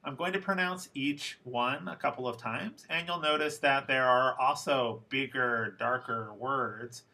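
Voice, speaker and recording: A young man talks through a recorded lesson for his class, pausing to repeat example words slowly and deliberately. His voice is mid-pitched and bright. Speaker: English teacher.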